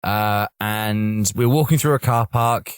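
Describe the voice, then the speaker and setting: A man co-hosting a comedy podcast, telling an anecdote in lively casual chat and acting out other people's lines. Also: lowish voice, measured pace, smooth, dry recording, studio quality. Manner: lively storytelling, acts out voices. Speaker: podcast co-host.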